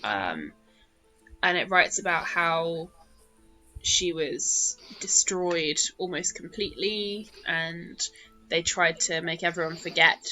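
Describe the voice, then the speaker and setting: A British woman narrates a tabletop game as its game master, her voice bright and forward. She tells the scene with lively energy and jumps into high shouts for the small characters. Soft music plays underneath. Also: takes it slowly.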